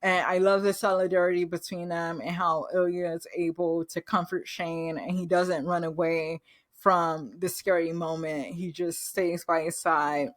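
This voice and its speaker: A woman's voice: lowish voice, little pitch movement, unhurried, no room sound. A woman host gushing through a casual recap review, losing her words and acting out quoted lines.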